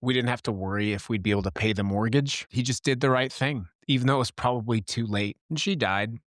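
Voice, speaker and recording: A man's voice: medium pitch, fast talker, a bit bright, no room sound, clean studio sound. A middle-aged man from Wyoming hosting a late-night show, telling personal stories in an earnest, impassioned monologue. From Wyoming, USA. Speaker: podcast host.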